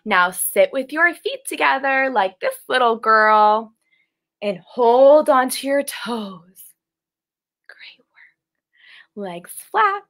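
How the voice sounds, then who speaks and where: A woman's voice: high voice, takes it slowly, low-quality recording. Bubbly woman leading kids yoga. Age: 20s. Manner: animated, sing-song, playful animal sounds. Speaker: children's yoga instructor. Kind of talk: livestreamed kids yoga class. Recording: faint music behind the voice.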